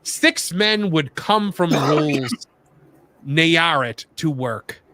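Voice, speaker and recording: A man putting on a slow, low cowboy drawl to read out a wrestler's promo. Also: animated, a loud crowd. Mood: earnest.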